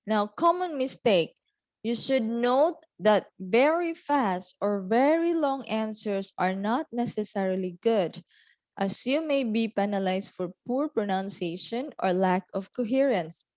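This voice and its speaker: Deliberate woman teaching exam speaking. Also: a little high, animated, a little mellow, no echo. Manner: deliberate, repeats "okay" and "so" between points. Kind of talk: explanatory lesson.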